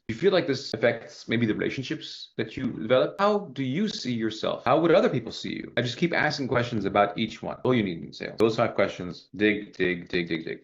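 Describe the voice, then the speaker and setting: A man in his thirties, a sales coach giving casual feedback, who talks fast and animatedly and acts out sample questions. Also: lowish voice, lo-fi sound.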